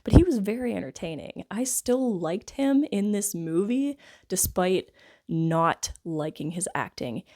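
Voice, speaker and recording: A woman's voice: medium pitch, expressive, unhurried, warm tone. A woman giving a casual, rambling film review, wry and full of fillers like "like" and "I guess.". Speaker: movie reviewer.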